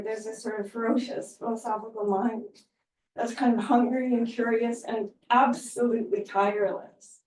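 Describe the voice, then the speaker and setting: Halting, heartfelt woman speaker in an echoey hall. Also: on the high side, dark tone. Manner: halting, heartfelt, many fillers. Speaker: invited speaker. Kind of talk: conference tribute speech. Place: lecture room. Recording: echoey room, distant mic.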